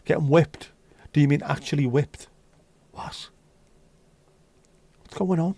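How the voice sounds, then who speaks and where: A man's voice: a little high, slow pace, vocal fry, mellow, no echo. A man from the United Kingdom hosting a casual livestream chat, talking bluntly and swearing freely. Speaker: livestream host.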